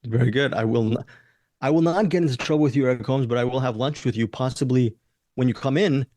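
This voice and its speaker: A man's voice: medium pitch, fast talker, warm tone, no room sound. A man hosting a movie podcast in casual, rambling chat, joking and laughing often. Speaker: podcast host.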